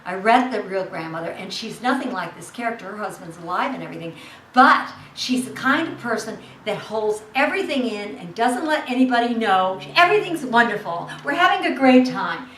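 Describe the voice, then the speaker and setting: A woman, an actress guest on an interview show, telling stories in a lively way and acting out the people in them. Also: mid-range voice, fairly quick. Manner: lively, acts out the people in her story. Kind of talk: animated anecdote telling. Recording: roomy, distant mic, faint hiss.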